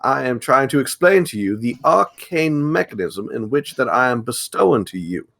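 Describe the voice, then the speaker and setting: Southern gentleman elf mage, put on by a man, pompous Southern US drawl, lively swooping lecture; comic podcast bit. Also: mid-range voice, moderate pace, creaky, exaggerated voice. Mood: indignant.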